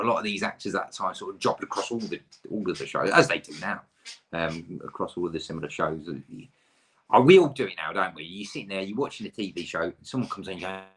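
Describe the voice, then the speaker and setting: A man from the UK with a low, slightly husky voice, hosting a casual online pub quiz. He reads out questions and then wanders off into chatty, self-deprecating tangents. He sounds relaxed and unhurried.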